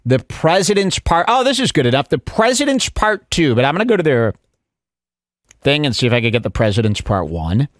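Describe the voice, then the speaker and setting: A man's voice: on the high side, fairly quick, no room sound. Guy hosting a podcast, mocking and sarcastic, voice jumps all over, dry sound. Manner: sarcastic, animated, breaks into mock voices. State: out of breath. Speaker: podcast host. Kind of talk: casual mocking commentary.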